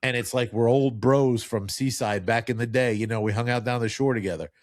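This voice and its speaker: A talkative man in his fifties with a faint New Jersey accent, hosting a relaxed podcast chat at an ordinary pitch. He rambles through stories and restarts his sentences often. The sound is close and dry, with no room in it. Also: brisk, no room sound. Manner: rambling storyteller, many restarts. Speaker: podcast host. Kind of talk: casual interview chat.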